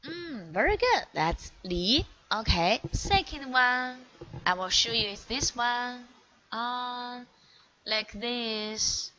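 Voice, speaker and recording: A woman whose first language is Chinese, teaching an online one-on-one lesson in English, slow and encouraging, praising often and modelling each word clearly. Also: on the high side, pushed and bright, low-quality recording. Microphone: video call.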